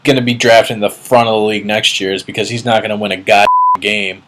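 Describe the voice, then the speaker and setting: A man's voice: lowish voice, little pitch movement, quick pace, very noisy. A young man ranting casually and bluntly, swearing and cutting words off mid-sentence. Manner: blunt, profane, mocking, trailing off mid-word. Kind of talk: casual vlog rant.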